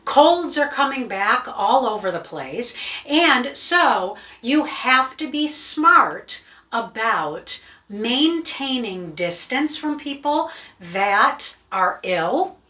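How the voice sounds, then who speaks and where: A woman's voice: a little high, sing-song, very slow, pushed and bright, roomy sound, distant mic. A woman vocal coach giving an emphatic teaching talk to camera, checking in with her listeners all the time. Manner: emphatic, keeps checking in with "right?" and "okay?".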